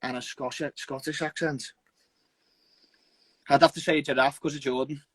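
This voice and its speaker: A young man, an amateur fighter, talking earnestly in a casual interview with halting restarts and casual swearing. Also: a little high, steady tone, a bit bright, slightly rough, no echo. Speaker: amateur MMA fighter, guest.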